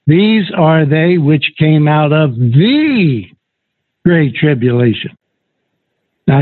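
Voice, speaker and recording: Man, Bible study teacher, slow and deliberate, slightly high husky voice, dry tinny phone recording. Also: dry recording. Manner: slow, deliberate, reads scripture aloud.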